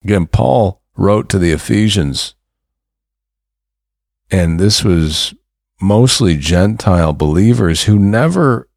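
A man's voice: low voice, lively intonation, slow, gravelly, long pauses, darkish tone, dry recording, studio quality. A man preaching a sermon, fervent and building to emphatic bursts.

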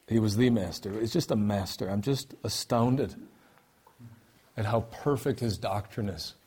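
A man preaching a sermon, swinging between hushed, quiet stretches and loud, emphatic bursts, repeating key phrases for emphasis. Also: mid-range voice, husky.

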